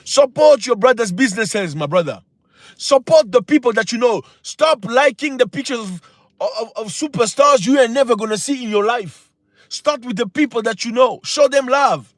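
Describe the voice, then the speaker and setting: A man's voice: very high voice, animated, normal speed, no room sound, clean studio sound. A man hosting a livestream, talking in an impassioned, preachy way with many rhetorical questions. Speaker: channel host. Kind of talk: livestream talk.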